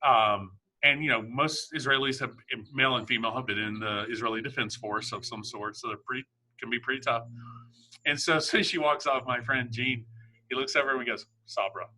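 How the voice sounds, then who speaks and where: Male host, very bright tense tone, loose rambling storyteller. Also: medium pitch, steady tone, brisk, slight background noise. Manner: rambling storyteller, many restarts. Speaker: podcast host. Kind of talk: casual conversation.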